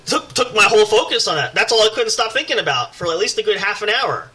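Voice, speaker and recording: Animated, bright-voiced podcast host man. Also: sits high, fairly quick, poor audio. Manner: animated storytelling, swears, rambling with restarts. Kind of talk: casual podcast banter.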